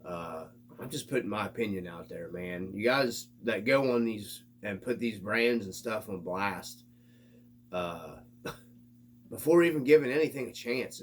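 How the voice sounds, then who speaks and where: A man's voice: lowish voice, measured pace. A man hosting his own hobby vlog, ranting in an exasperated, casual way and swearing freely. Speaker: RC hobby channel host.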